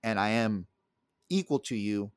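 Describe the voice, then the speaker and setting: A man's voice: on the low side, animated, a little slow, smooth, no room sound, studio quality. A young man from the El Paso area, co-hosting a casual podcast and telling a story in a heated, profane way. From El Paso area, USA. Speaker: podcast co-host.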